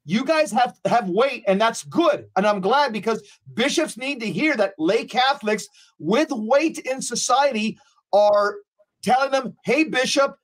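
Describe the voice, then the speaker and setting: High-voiced man, emphatic co-host. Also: animated, unhurried. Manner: emphatic, with frequent fillers. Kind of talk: casual commentary.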